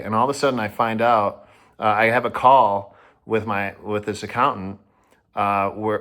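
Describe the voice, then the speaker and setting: A man telling a personal story to the camera, rambling, restarting often and sounding excited. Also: on the low side.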